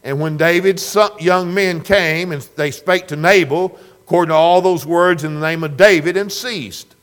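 A male preacher with a notably high-pitched voice delivers a sermon. His manner is earnest and plainspoken, and he turns to the listeners with direct questions. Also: normal speed, a bit bright.

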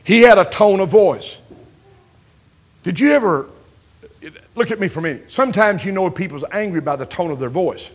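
A man's voice: high-pitched, lively intonation, moderate pace, long pauses. An older man, preaching a folksy sermon, calling out amens and building emphatic lines. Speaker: pastor.

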